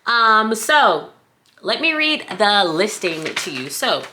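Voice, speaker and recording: A woman's voice: mid-range voice, sing-song, takes it slowly, sharp tone, slight background noise. A woman with a Southern US accent, chatting playfully through a casual product review on her own vlog. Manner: chatty and playful, breaks into little sing-song bits. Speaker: scrunchie shop owner reviewing a product.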